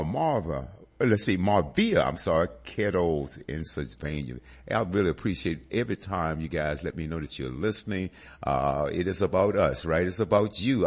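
A male radio host announcing gospel songs and giving friendly shout-outs to listeners, with many fillers. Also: sits low.

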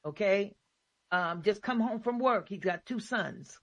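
This is a woman host at a middling pitch who leads a casual faith conversation. She speaks emphatically and repeats her points. Her voice is recorded dry and close. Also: animated, unhurried, fairly bright tone, no echo. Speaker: talk show host.

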